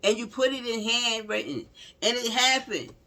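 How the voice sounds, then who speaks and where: Blunt, slangy true-crime commentary comes from a woman with a slightly high voice at a moderate pace. Animated and casual, she addresses viewers directly and repeats phrases for emphasis.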